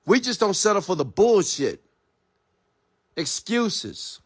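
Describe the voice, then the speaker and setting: A man's voice: high-pitched, big pitch swings, slow, husky. A man who is an entrepreneur and mentor, delivering a blunt, profane, confrontational late-night motivational rant.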